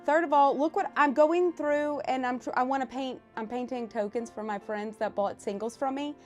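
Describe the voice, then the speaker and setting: A woman from South Louisiana with a Louisiana accent, chatting casually and rambling on a livestream, excitable and quick to swear. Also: high-pitched, faint music behind. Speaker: live streamer.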